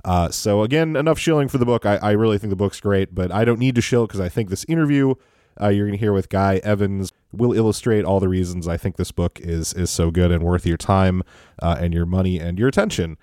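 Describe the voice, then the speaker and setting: A man's voice: low voice, fairly quick, mellow, dry recording. A man hosting a podcast in a casual, rambling way, full of fillers and restarts, speaking from a home recording setup. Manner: chatty, rambling with many fillers. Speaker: podcast host.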